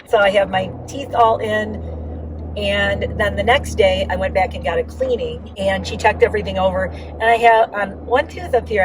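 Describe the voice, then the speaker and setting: A woman's voice: mid-range voice, far from the mic, noisy background. A woman giving a casual, rambling vlog update with lots of fillers, talking while riding in a car. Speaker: vlogger.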